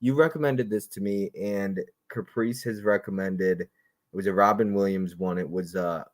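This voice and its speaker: A man hosting a casual livestream about movies, rambling and jokey, often breaking into loud impressions. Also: low voice, steady tone, normal speed, dry recording. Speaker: host.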